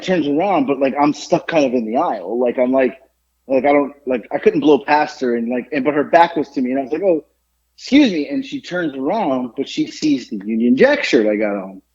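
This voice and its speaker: A man's voice: mid-range voice, mellow, breathy edge. A man co-hosting a podcast, telling a story in a rambling way with many fillers and restarts. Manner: rambling, stumbling over words with many fillers. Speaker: podcast co-host. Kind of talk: casual storytelling chat. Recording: dull lo-fi podcast audio.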